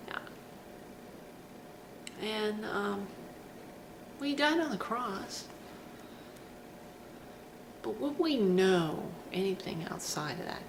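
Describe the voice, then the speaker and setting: A woman's voice: medium pitch, slow, gravelly, long pauses, rough recording. A woman giving an informal devotional talk, telling a story in a chatty, self-deprecating way. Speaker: Christian devotional speaker. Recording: steady background noise.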